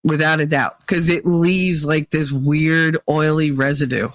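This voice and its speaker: A woman's voice: sits low, unhurried, dry recording. Giggly woman hosting a casual chat. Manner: giggly, laughs often, animated storytelling. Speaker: host. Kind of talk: casual live chat reading viewer comments.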